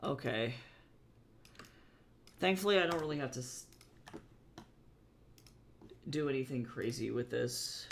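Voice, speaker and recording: A man streaming as a webcomic artist, chatting casually and thinking out loud in a rambling, self-deprecating way as he works. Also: mid-range voice, animated, measured pace, creaky, long pauses, slight background noise. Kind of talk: casual livestream chat while drawing.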